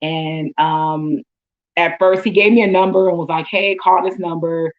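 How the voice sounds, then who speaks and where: A woman's voice: on the low side, steady tone, a little slow, dull audio. A woman host, telling her own story in casual talk and acting out her thoughts in quotes.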